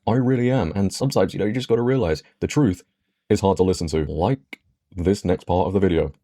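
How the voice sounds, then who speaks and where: Man, deep, mellow, dry, slightly hoarse, sarcastic commentary. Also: brisk, dry recording. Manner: sarcastic, exasperated. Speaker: commentary YouTuber. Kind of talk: scripted video commentary.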